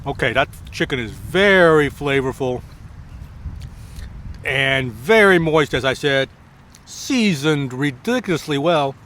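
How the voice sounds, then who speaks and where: A man giving a casual food review to camera, effusive and full of drawn-out exclamations, with halting restarts between bites. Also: mid-range voice, lively intonation, a bit bright, a little hiss or hum. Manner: effusive, many drawn-out exclamations while tasting. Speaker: food vlogger.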